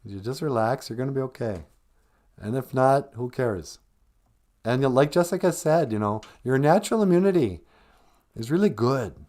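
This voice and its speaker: A man hosting a comedy podcast, speaking sarcastically in a mocking, ranting way. His pitch swings widely from line to line. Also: animated, normal speed, mellow. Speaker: podcast host. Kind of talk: satirical comedy rant.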